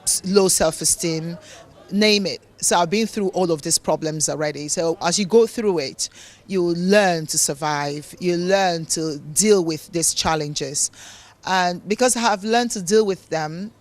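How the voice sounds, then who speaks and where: A Nigerian woman with a low-leaning voice speaks at a measured pace, answering interview questions as a motivational speaker and author. Her accent is mixed and hard to place, blending English, African and Italian tones. She sounds earnest and preachy, repeating words for emphasis.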